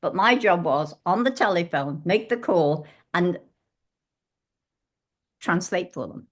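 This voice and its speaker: Lively British woman in her eighties. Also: fairly low pitch, takes it slowly. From England. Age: 80s. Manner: lively, acts out dialogue in her anecdotes. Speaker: guest. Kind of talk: casual interview storytelling.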